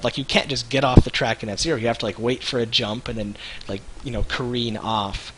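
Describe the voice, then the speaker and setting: A man in his thirties, co-hosting a livestream, telling rambling animated stories with lots of restarts. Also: mid-range voice, moderate pace, hardly any pauses, a little hiss or hum, rough recording. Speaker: web show co-host. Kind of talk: casual livestream chat.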